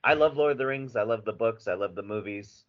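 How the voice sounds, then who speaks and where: A man co-hosting a podcast in casual chat, animated and rambling, swearing freely with lots of fillers. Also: fairly low pitch, brisk. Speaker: podcast co-host. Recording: slightly dull audio with faint background noise.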